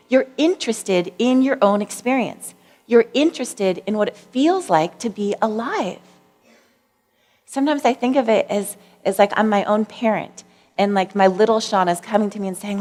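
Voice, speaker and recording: Gentle woman speaking in a reverberant hall. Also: mid-range voice. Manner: gentle and warm, laughs easily. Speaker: mindfulness speaker and clinician. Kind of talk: storytelling talk to an audience.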